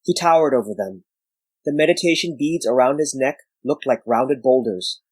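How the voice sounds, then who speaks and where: A man giving measured scripted narration of a story. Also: medium pitch, husky, no echo, poor audio.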